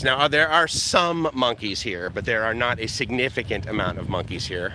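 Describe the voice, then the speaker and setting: Heavy background noise surrounds an American man with a mid-range voice and moderate pace as he hosts a live walk-and-talk vlog along a seaside walkway. He films on a selfie-stick camera, rambling, joking with viewers and chuckling frequently.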